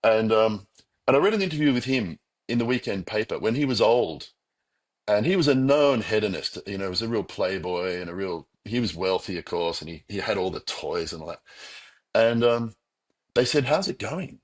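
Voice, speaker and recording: Middle-aged Australian man, husky and lowish, reflective storyteller in interview, animated, self-interrupting. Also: moderate pace. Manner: reflective, animated, frequent restarts and quoted inner voices. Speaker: podcast guest.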